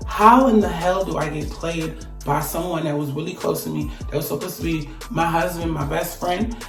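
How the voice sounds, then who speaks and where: A woman telling a casual storytime, emphatic and profane, her voice swelling into loud outbursts. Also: sits low, fairly quick. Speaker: vlogger. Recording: echoey room, from a distance, faint music.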